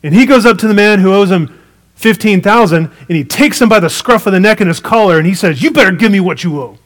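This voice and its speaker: A man preaching a sermon, retelling a parable in a conversational, animated way with casual asides. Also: high voice, a little fast. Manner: storytelling, animated retelling with acted quotes.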